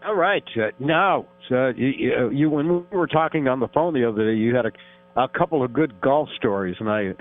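A man's voice: medium pitch, lively intonation, brisk, narrow, tinny audio, soft background music. A man hosting a sports radio show, chatting casually with stammering restarts and easy laughs. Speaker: radio host. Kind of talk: radio interview.

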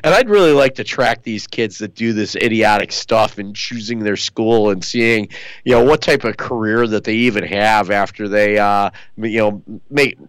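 A man's voice: fairly low pitch, normal speed, clear, resonant tone, dry recording, low-quality recording. A man co-hosting a sports talk radio show, chatting casually and rambling with lots of fillers. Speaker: co-host.

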